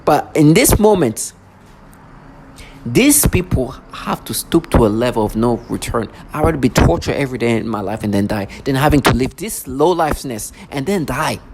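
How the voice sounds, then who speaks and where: Ranting man, agitated and stammering, mid-pitched voice over a noisy recording. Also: animated, moderate pace. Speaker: vlogger. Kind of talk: angry monologue.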